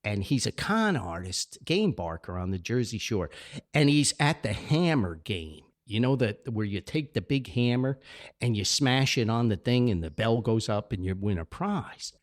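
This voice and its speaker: An older man hosts a podcast and talks through the characters he created. His pitch is animated and rises and falls a lot, and he often laughs at his own stories. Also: moderate pace. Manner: laughs often, lively and amused. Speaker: podcast host and author. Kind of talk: casual chat about his own book characters.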